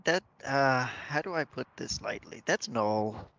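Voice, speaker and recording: A man playing a tabletop game, relaxed and casually explaining things to the table. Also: mid-range voice, measured pace, lo-fi sound. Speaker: player.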